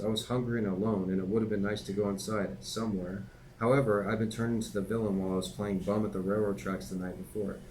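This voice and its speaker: Low-voiced man reading his memoir. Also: a little mellow, slight background noise, rough recording. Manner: plain conversational delivery with occasional slips and asides. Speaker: author reading his own book.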